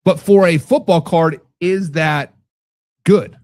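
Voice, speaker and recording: A man hosting a casual football talk show, reading viewer comments and reacting loudly with profanity. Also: on the high side, takes it slowly, no echo, clean studio sound. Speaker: podcast host reading live chat.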